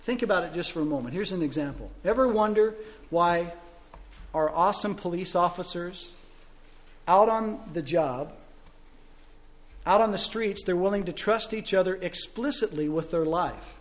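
A male pastor preaching a sermon, telling stories and asking rhetorical questions, swinging between loud and soft. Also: sits high, normal speed.

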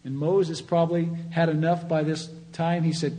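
A man's voice: on the high side, little pitch movement, moderate pace, few pauses, warm tone, poor audio. A man preaching a sermon as pastor, earnest and conversational, rising in emphasis on key points.

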